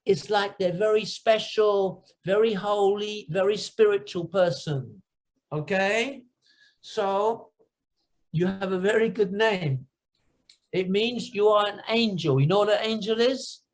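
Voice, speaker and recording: British man teaching in simple English. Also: high-pitched. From United Kingdom. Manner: simple slow English with Indonesian words, emphatic exclamations. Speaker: guest teacher. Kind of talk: classroom discussion. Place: classroom session.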